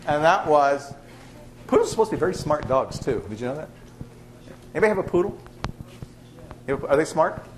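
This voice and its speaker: A man's voice: on the high side, fairly quick, pauses often, a little hiss or hum. A man lecturing a class on biochemistry in a chatty, joking way. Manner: lively, chatty, tells jokes to students. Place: lecture hall with students.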